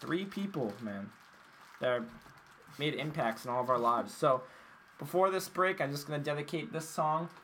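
A man's voice: on the high side, expressive, normal speed, sharp tone, slight background noise. Rambling, giggly male podcast host. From Massachusetts. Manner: laughs often, rambling storytelling. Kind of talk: casual chat.

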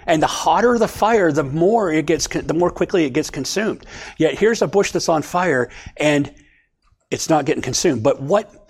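A man leading a Bible study for a small group, talking casually and checking in with his listeners as he goes. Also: fairly high pitch. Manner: conversational, checks in with "okay?".

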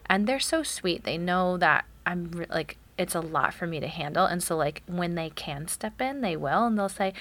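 Chatty mom, lower and bright. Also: female voice, expressive, normal speed, hardly any pauses. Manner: chatty, acts out quotes of her child. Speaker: podcast co-host, mother of a toddler. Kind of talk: casual chat.

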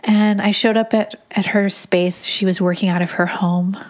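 A young woman casually telling a personal story in a chatty, animated way, full of fillers. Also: medium pitch, moderate pace. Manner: chatty, filler-heavy, animated retelling with laughs.

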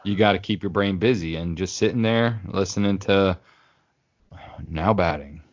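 Deep-voiced male co-host, loose and jokey, dull dry lo-fi recording. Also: a little fast, dry recording. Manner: rambling, joking, lots of fillers. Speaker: podcast co-host. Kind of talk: casual chat.

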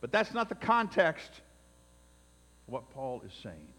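A man preaching a sermon as pastor, building to emphatic peaks and dropping to quiet, deliberate phrases. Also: medium pitch, wildly swooping pitch, slight background noise. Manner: emphatic preaching with swells and drops in loudness. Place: church sanctuary. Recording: long reverb in a hall.

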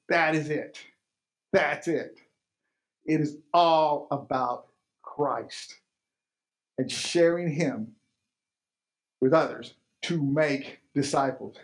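A pastor delivers his sermon in a notably high, bright-pitched man's voice. He drives his points home by repeating phrases and firing off rhetorical questions at the congregation. The delivery stays emphatic and earnest throughout.

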